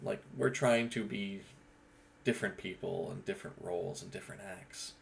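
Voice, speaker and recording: Male gaming host who rambles casually, low and gravelly. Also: moderate pace, a little hiss or hum. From Eastern Canada. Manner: rambling, with frequent restarts and fillers. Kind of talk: casual monologue.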